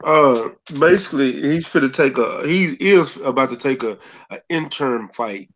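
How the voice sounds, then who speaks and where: A man hosting a casual live stream, laid-back, giving shout-outs to the chat. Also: mid-range voice, lively intonation, moderate pace. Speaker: host.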